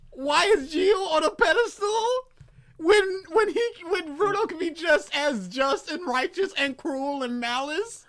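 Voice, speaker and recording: A man co-hosting a casual commentary chat, loud and excitable, often mocking characters with put-on voices. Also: very high-pitched, a little slow. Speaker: co-host.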